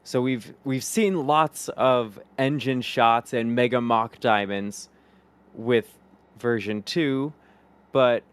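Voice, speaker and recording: A man hosting a livestream, reading out viewer messages and thanking supporters in an upbeat way. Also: mid-range voice. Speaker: livestream host. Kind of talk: live-stream hosting, reading super chats.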